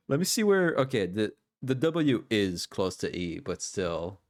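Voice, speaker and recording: Slow-talking low-voiced mocking man. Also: wildly swooping pitch. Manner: mocking, laughing often. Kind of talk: casual reaction chat.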